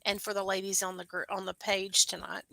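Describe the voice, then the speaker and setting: A woman's voice: mid-range voice, completely flat delivery, brisk, creaky, bright, forceful tone, low-quality recording. A woman co-hosting a casual live stream, teasing her partner and laughing often.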